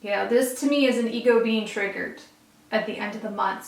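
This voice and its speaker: A woman's voice: fairly high pitch, normal speed, gravelly, recorded from a distance. A woman giving a casual tarot reading to her viewers, earnest and emphatic, speaking straight to them. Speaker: tarot reader. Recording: roomy echo, a bit off-mic.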